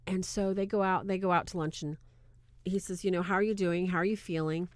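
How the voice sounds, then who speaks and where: A woman's voice: fairly low pitch, fairly even intonation, brisk, dry recording. A woman casually recapping a film scene by scene, acting out bits of dialogue as she talks. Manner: retells scenes with acted-out quotes, chatty. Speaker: movie reviewer.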